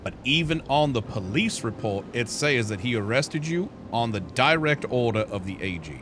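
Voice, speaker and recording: A man's voice: mid-range voice, lively intonation, normal speed, noisy background. Methodical man questioning a client. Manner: methodical, questioning, legal jargon. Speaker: lawyer character in roleplay. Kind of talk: in-character roleplay questioning.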